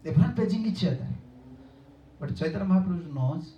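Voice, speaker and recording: A man giving a sermon to devotees, telling stories and chuckling, often halting to search for words and restarting his sentences. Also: high voice, expressive. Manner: storytelling with chuckles. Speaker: monk preaching to devotees. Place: lecture room. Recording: roomy, distant and dull-sounding room recording.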